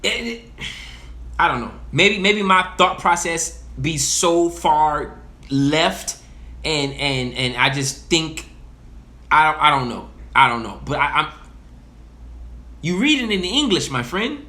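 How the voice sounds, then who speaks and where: Bright, forceful man talking passionately. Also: a little high, expressive, slow pace, long pauses. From Haiti (heritage). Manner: passionate, profane, repeats himself. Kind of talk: casual monologue.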